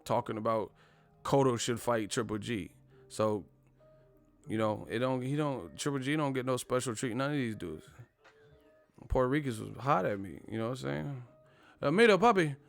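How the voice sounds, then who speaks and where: A man's voice: mid-range voice, gravelly. A man hosting a boxing channel, ranting in casual live-stream commentary with lots of slang and profanity. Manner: animated, profane, slangy rant.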